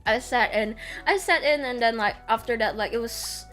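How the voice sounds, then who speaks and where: Young female VTuber, high-pitched, casual chatty storyteller who acts out quotes, faint music underneath. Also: moderate pace. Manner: animated storyteller, acts out quotes loudly, laughs often. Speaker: VTuber streamer. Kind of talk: casual chat.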